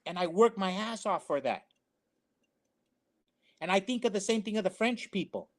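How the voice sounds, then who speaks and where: Emphatic preachy man, high voice. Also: expressive, normal speed. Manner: emphatic, preachy, repeats phrases. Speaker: co-host. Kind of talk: opinionated commentary.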